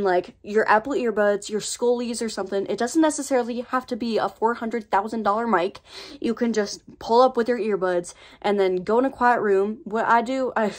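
A woman's voice: on the high side, a little mellow. An American woman hosting a casual voice acting tutorial vlog, talking in a chatty, rambling and playfully sassy way into her own microphone.

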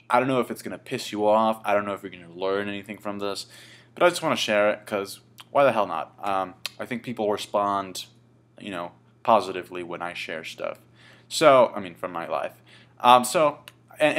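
A man's voice: on the low side, fairly bright tone. Rambling, profane young man telling a story. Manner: rambling, profane, with many fillers and restarts. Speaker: vlogger. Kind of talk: casual storytelling.

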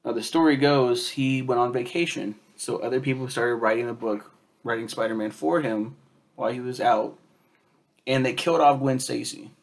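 A man reviewing a superhero film in a loose, rambling way, swearing often and filling pauses with um and like. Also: medium pitch, vocal fry. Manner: rambling, profane, lots of fillers and quoted asides.

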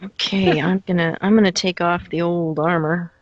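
A man's voice: high-pitched, steady tone, moderate pace, no echo. A man co-hosting a gaming podcast, chatting casually while playing and laughing often. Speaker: podcast co-host and player. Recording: dull lo-fi podcast audio.

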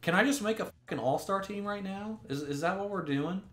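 Faint music and a roomy echo surround a young man doing gameplay commentary for his YouTube gaming channel. His voice sits high and a bit bright, and he talks a little fast. Exasperated, he swears and keeps restarting his sentences as he rants.

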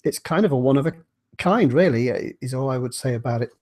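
A man's voice: mid-range voice, lively intonation, fast, a little mellow. A man with a slight cold, casually discussing a novel in a thoughtful, rambling way and then reading passages aloud. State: slight cold, clears throat. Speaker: book reviewer.

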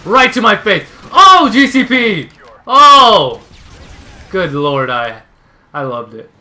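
A man giving live commentary on his own gameplay, ranting, yelling and sarcastically griping at teammates. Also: sits high, sing-song, takes it slowly. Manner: raging, yelling outbursts at teammates.

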